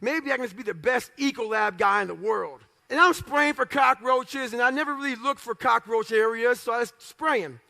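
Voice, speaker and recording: A man giving a live motivational speech, telling his life story bluntly and with profanity, acting out the dialogue and breaking into shouts and laughing asides. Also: very high voice, moderate pace, vocal fry, hardly any pauses. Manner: lively storyteller who acts out dialogue. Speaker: motivational speaker.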